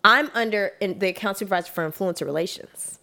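Talking fast at a medium pitch, a young woman appearing as a guest relates a workplace story in easygoing conversation. She is emphatic and animated, repeatedly quoting what she and other people said.

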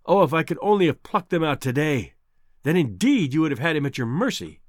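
A man's voice: on the high side, sing-song, fairly quick, no echo, clean studio sound. A man reading aloud and voicing a distraught, fierce young married woman with an emotional, pleading manner. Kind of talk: audiobook character voice.

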